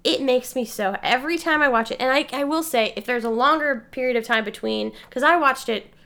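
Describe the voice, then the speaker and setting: A woman in her forties co-hosting a casual podcast, with a bright, edgy tone and a gravelly rasp. She rambles, stops to correct herself and fills pauses with ums and likes. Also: high-pitched. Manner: rambling, self-correcting, with frequent fillers. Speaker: podcast co-host. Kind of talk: casual chat.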